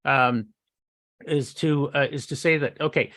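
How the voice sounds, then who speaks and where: A man's voice: medium pitch, steady tone, measured pace, fairly bright tone. A man co-hosting a marketing podcast, talking casually in long rambling sentences with many restarts. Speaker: podcast co-host. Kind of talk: casual chat.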